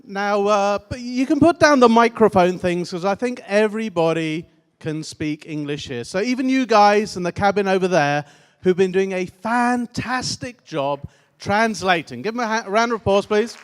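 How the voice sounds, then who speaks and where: A man giving a conference keynote, loudly and playfully coaxing the audience through a laughter exercise. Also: sits high, animated, normal speed, clear, resonant tone. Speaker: keynote speaker. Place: conference hall.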